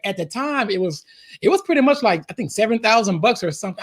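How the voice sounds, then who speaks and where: A man as a podcast guest, telling a story with excitement. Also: high-pitched, fast. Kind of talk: podcast interview.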